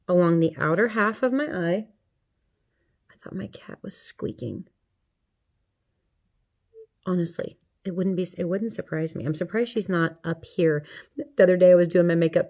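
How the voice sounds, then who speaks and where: Middle-aged woman, lower voice, chatty and playful makeup tutorial talk. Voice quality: chatty, playful, talks to viewers as she works. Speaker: makeup vlogger.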